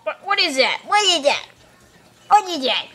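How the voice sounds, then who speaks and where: A woman voicing her lazy house cat in a home video, with a squeaky, excitable, indignant cartoonish manner. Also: normal speed, full character voice. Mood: alarmed, indignant. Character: scared, grumpy house cat voiced by its owner. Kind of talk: home video voiceover for pets.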